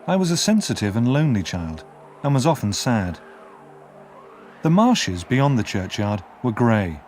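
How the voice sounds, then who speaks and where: Expressive male storybook narrator. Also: medium pitch, measured pace, faint music behind. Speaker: audiobook narrator.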